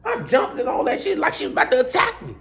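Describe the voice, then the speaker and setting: A man vlogging about his pets, telling a story in a casual, animated way and swearing constantly. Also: extremely high pitch, quick pace. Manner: animated, profane, heavy cursing. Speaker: pet owner vlogger.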